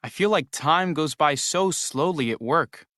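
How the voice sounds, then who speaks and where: A man's voice: fairly high pitch, lively intonation, a little slow, bright, forceful tone, no room sound, studio quality. An actor playing a young man who complains, weary of his video game testing job, in a scripted textbook dialogue.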